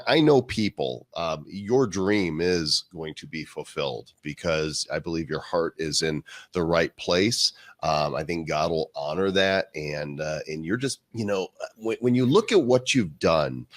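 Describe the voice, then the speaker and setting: A man with a deep voice hosts a live online show. He speaks in an affirming, casual way with plenty of fillers. The sound is dry and close. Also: no room sound. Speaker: host.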